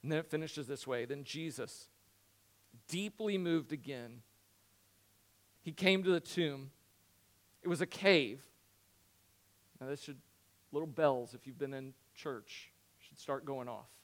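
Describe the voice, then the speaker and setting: A male pastor with a high voice delivers a lively sermon. He acts out the dialogue of the story and drops to quiet, hushed tones to drive his points home. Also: measured pace, pauses often.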